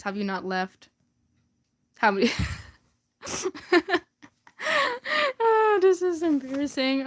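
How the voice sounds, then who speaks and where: A woman's voice: high voice, a bit bright. A young woman casually reading her old fanfiction aloud for laughs, giggling and stumbling over the words.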